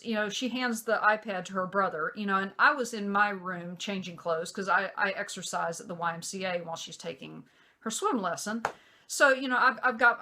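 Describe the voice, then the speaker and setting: A woman's voice: medium pitch, pushed and bright. A middle-aged woman vlogger telling a personal story casually, exasperated and rambling, with many fillers.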